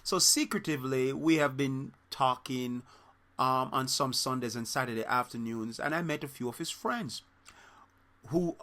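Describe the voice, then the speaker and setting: Bright-voiced man telling a story. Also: medium pitch. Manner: animated, rambling, with many fillers and quoted voices. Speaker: soccer coach and channel host. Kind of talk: casual storytelling to camera.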